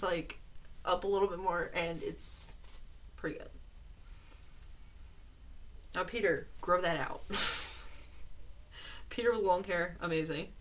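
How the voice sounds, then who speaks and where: A woman's voice: lowish voice, fairly bright tone, a little hiss or hum. A woman reading letters aloud with commentary, laughing often between lines. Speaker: reader and commentator.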